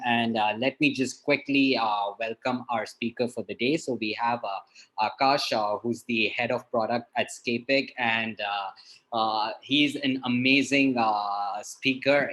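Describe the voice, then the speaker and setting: A man's voice: medium pitch, a bit bright, low-quality recording. A man with an Indian English accent hosting a live webinar over a video call, talking with many fillers and restarts. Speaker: webinar host.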